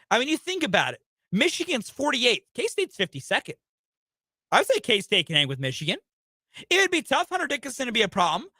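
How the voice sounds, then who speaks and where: A man's voice: sits high, pushed and bright, no echo, studio quality. A young man hosting a sports talk radio show, ranting emphatically about college basketball.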